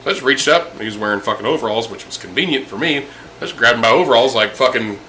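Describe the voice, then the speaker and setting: A man's voice: medium pitch, lively intonation, fast, pushed and bright, slight background noise, low-quality recording. A young man casually telling a profane story over drinks, acting out the people in it. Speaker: podcast host.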